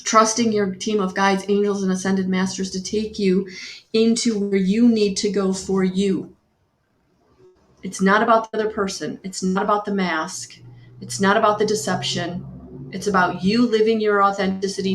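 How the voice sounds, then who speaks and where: A woman giving a slow, soothing spiritual guidance talk on a live stream, repeating her phrases and greeting viewers by name. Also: medium pitch, level tone, reverberant, slight background noise.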